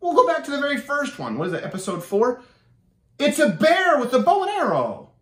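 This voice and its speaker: A man's voice: very high voice, a little fast, roomy sound. A young man from Canada, hosting his show with an opinionated, sarcastic monologue full of restarts. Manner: animated, sarcastic, with many restarts. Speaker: show host.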